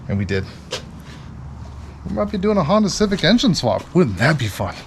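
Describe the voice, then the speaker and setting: A man with a somewhat high voice talks casually as he works on a car. He keeps up a stream of playful jokes and asides, with a faint hum of ambience behind him. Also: very animated, moderate pace. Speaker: mechanic host. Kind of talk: casual talk while working. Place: garage.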